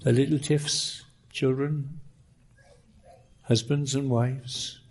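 A man preaching a sermon, emphatic, with rising exclamations and lines that drop to a hush. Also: mid-range voice, fairly even intonation, takes it slowly, husky.

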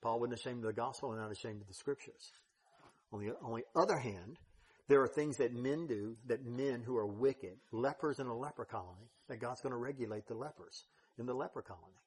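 Husky-voiced man preaching a sermon. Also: medium pitch, fairly quick. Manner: emphatic, swings between loud stresses and quiet drops.

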